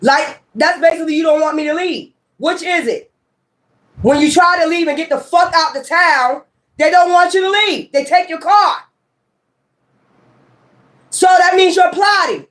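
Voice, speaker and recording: A woman's voice: very high-pitched, a little slow, pauses often, fairly bright tone. A woman tarot reader in a casual ranting monologue. She talks emphatically, swears and repeats her points. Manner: emphatic, profane and repetitive.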